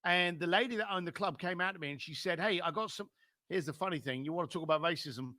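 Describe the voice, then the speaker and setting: High, bright-voiced London man telling stories. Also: fast talker, no echo, studio quality. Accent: London English. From London, England. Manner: animated storyteller who acts out other people's lines. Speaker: guest. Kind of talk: storytelling in a podcast interview.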